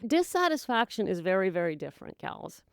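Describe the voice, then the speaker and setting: Emphatic middle-aged woman, crisp and dry. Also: fairly low pitch, animated, a little slow, no echo. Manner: warm, emphatic, calls listeners gals and my dear; dramatic voices and hushed whispers for effect. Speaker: podcast host, sobriety coach. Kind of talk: motivational monologue.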